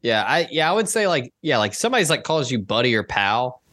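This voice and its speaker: A man co-hosting a podcast, joking around and animated in casual chat. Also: fairly quick, dry recording. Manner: animated, jokey, swings pitch for bits. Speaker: podcast co-host.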